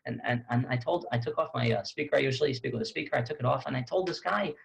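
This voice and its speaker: Creaky-voiced man telling a story. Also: medium pitch, low-quality recording. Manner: halting, with many restarts and repeated words; conversational, animated retelling. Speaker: tour guide. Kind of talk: storytelling talk to camera.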